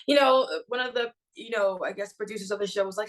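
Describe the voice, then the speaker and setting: A woman's voice: medium pitch, fast talker, few pauses, low-quality recording. A young woman from Brooklyn, a guest singer telling stories in casual podcast chat, slangy and acting out quotes. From Brooklyn, New York. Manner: animated storyteller, slangy, acts out quotes.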